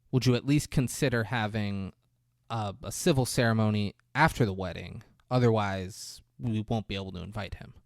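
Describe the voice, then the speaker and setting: A man's voice: fairly low pitch, no room sound, clean studio sound. A man doing a tipsy folksy dad. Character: tipsy cheerful middle-aged father.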